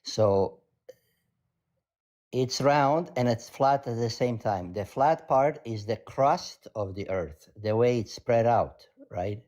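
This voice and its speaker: A man's voice: medium pitch, animated, slow pace, darkish tone. A man calling in to a debate stream, explaining his view in a meandering, hesitant way. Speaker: caller.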